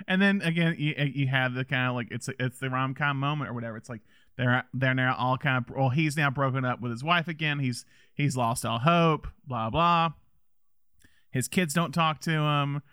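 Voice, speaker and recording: A man's voice: mid-range voice, a bit bright, smooth, no echo, studio quality. A man casually chatting about a movie as a podcast co-host, rambling with many restarts and laughs.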